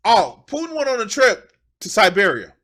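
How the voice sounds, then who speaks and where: A man's voice: high-pitched, wildly swooping pitch, normal speed, fairly bright tone. A man giving profane, emphatic political commentary as a streamer, often repeating his phrases.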